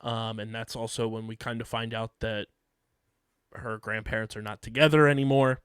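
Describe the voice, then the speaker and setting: A man's voice: on the low side, little pitch movement, normal speed, a bit bright, clean tone, no echo, studio quality. A man co-hosting a podcast, rambling through a plot recap with frequent ums and laughs. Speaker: podcast co-host recapping episodes. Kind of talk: casual podcast chat.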